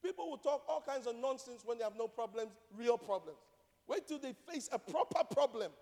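A man's voice: very high voice, expressive, fairly quick, a little mellow, long reverb tail. A male pastor preaching a sermon, emphatic and direct, repeating key phrases and asking rhetorical questions.

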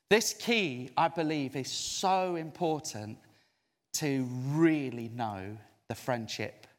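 Lively preacher in echoing hall. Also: male voice, on the high side. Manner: expressive, drawn-out emphasis, audience call-and-response. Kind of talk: sermon.

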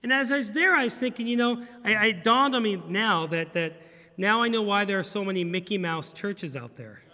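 A middle-aged man, a pastor, preaching a sermon in a church in an animated, humorous way, acting out bits of dialogue. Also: high voice, moderate pace, long reverb tail. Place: church sanctuary.

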